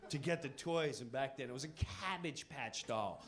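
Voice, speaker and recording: A man telling comic stories in a casual, animated way, laughing into his lines. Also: mid-range voice, normal speed. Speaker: storyteller.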